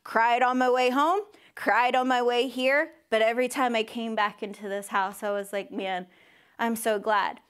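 A young woman with a fairly high voice gives a personal testimony to a church congregation. She is openly emotional and close to tears at times. She acts out the people she quotes with sudden high jumps in pitch. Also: fairly even intonation, normal speed, fairly bright tone, clean tone. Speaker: speaker at a church service.

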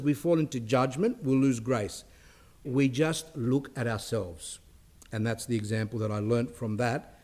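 A man's voice: medium pitch, a little mellow. A middle-aged man, a priest, giving a spiritual talk in a conversational way, with restarts and asides.

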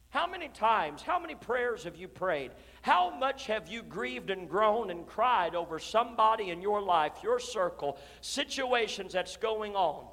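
A pastor preaching an impassioned sermon in a church, moving from hushed, drawn-out lines to shouted declarations. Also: male voice, high voice. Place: church sanctuary. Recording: long reverb of a church hall.

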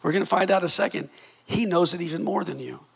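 Fifties male preacher, high gravelly voice, husky edge, passionate, quiet-to-shouting swings. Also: fast talker. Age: 50s. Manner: passionate, swings from low intimate tones to shouted exclamations. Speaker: pastor. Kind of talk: sermon.

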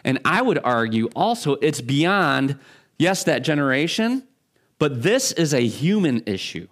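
A man preaching a sermon as a pastor, talking in a conversational, halting way with frequent restarts. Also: a little high, very animated, fairly bright tone.

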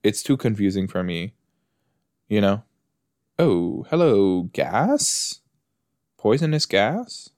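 A man's voice: on the low side, big pitch swings, takes it slowly, long pauses, darkish tone, no echo, studio quality. A man hosting a podcast, chatting and joking as he reacts to a TV episode while he watches it. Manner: chatty, joking, talks back to the screen. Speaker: podcast host. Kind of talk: episode watch-along commentary.

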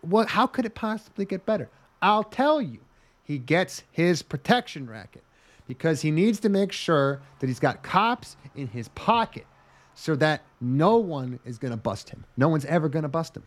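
Male comedy podcast co-host, lively pitch, profane, riffing recap. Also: normal speed. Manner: animated, swearing, riffs with mock voices.

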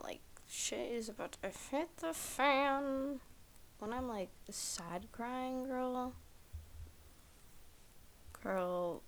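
A woman's voice: mid-range voice, a little hiss or hum. A young woman hosting a casual solo podcast, rambling with lots of "like" and frequent swearing. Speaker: podcast host.

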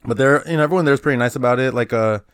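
A man's voice: mid-range voice, very fast, fairly bright tone, clear, resonant tone, no room sound, clean studio sound. A man in his thirties, a former army medic, telling grim stories in a laid-back, profane way and laughing now and then. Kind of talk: casual podcast storytelling.

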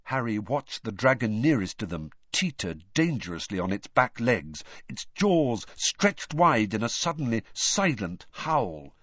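A man narrates a storybook with a dramatic, expressive delivery and lively pitch. His voice is husky, heard close and dry on a dull recording. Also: a little slow, hardly any pauses, no room sound. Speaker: audiobook narrator.

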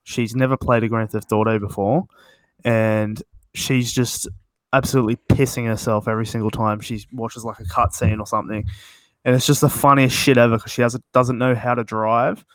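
A man's voice: medium pitch, flat delivery, normal speed, no echo, poor audio. A young man chatting on a podcast, joking and teasing with plenty of swearing. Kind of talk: casual chat.

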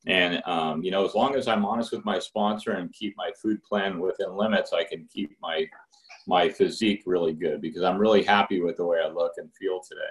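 A middle-aged man with a fairly low voice shares his own story at a recovery meeting. He talks candidly and loosely, looping back and restarting his sentences as he goes. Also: brisk. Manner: candid and rambling, with restarts, acting out phone calls in higher voices. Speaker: speaker sharing at a recovery meeting. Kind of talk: personal testimony.

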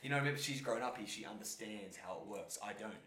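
A man's voice: on the low side, fast talker, roomy sound, far from the mic. Young guy telling a rowdy travel story. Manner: animated storytelling, swearing slang, acts out voices. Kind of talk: casual podcast chat.

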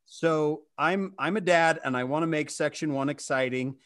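A man's voice: on the high side, normal speed, a bit bright. A man hosting a podcast, a scripture teacher who tells stories and acts out quoted lines. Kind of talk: podcast conversation.

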